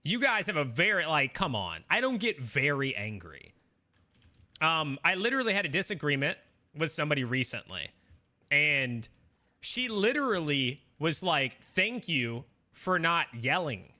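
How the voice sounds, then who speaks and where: Bright-voiced young man chatting with viewers. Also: on the high side, big pitch swings, moderate pace. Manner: rambling, defensive, many fillers. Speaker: game streamer. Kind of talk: casual chat with viewers.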